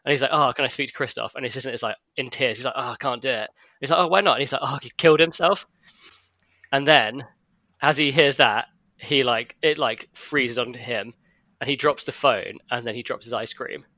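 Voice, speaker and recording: Casual male storyteller, quick and bright-voiced, dry muffled recording, chatty rambling delivery. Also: mid-range voice, no room sound. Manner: rambling storytelling, heavy use of "like". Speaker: friend retelling an imagined film plot. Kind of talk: casual chat among friends.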